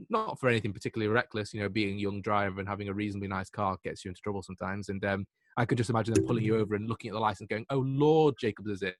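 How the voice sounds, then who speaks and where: Man, twenties, Mancunian accent, lively self-mocking anecdotes, dry close sound. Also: on the low side, no room sound. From Manchester, England. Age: 20s. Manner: lively, self-deprecating storyteller. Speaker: podcast guest. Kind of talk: casual anecdotal storytelling.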